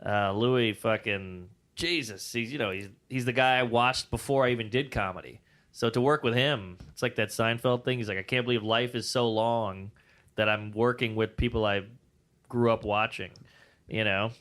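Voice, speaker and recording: A man's voice: on the low side, moderate pace. A male comedian telling stories in a casual interview, acting out quotes and swearing freely. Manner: animated storyteller, acts out quotes, swears freely. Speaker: comedian guest.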